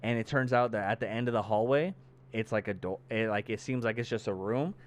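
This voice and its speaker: This podcast co-host talks briskly in a lowish voice with no echo, running through a movie's plot in a laid-back way. He's an animated storyteller who acts out each character's lines and curses heavily as he goes.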